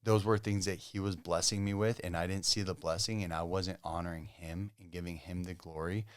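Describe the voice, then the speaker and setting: Low-voiced laid-back California man. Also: steady tone, a little fast, clear, resonant tone, no echo, studio quality. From Southern California. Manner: laid-back, full of "dude", "bro" and "like". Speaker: podcast guest. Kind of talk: casual testimony chat.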